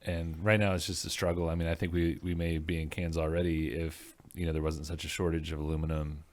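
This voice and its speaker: A man answers interview questions in a measured, steady way with frequent ums. His voice is very deep and keeps a flat, even tone. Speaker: head brewer, guest.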